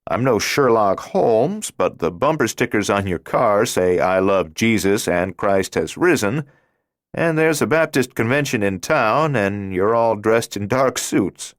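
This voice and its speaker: Guy reading a chatty friendly beat cop, kinda playful, voice pushed up higher, slow and easy. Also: lively intonation, no echo, clean studio sound. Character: friendly, curious male patrol cop, middle-aged.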